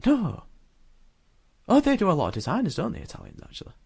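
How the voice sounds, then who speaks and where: A man's voice: high voice, wildly swooping pitch, fast talker, vocal fry, darkish tone, husky, dry recording, studio quality. A young man co-hosting a podcast, joking and arguing in casual chat with some swearing. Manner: joking, argumentative, swears freely. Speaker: podcast co-host.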